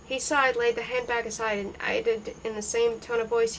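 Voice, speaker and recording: A woman reading a novel aloud in an even, unhurried way, lightly voicing the dialogue. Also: on the high side, slight background noise, low-quality recording. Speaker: reader.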